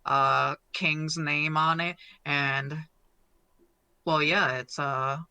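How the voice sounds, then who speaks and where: A man's voice: fairly high pitch, fairly even intonation, extremely slow, vocal fry, pushed and bright, smooth, no echo. A man playing a tabletop game, describing his actions in a rambling, hesitant way. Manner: rambling, hesitant, with frequent fillers and laughter. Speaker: player. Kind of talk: casual tabletop play.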